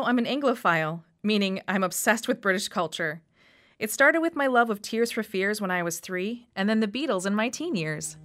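A woman's voice: medium pitch, fairly bright tone. A woman in her thirties from Wisconsin, with a Northeast Wisconsin accent, reading her own personal story for radio in an upbeat way. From Wisconsin, USA. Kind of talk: scripted personal narration.

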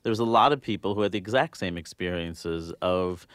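A man's voice: deep voice, fairly quick, a bit bright, no room sound. A man being interviewed as a filmmaker, earnest and thinking aloud with many fillers. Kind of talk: casual interview.

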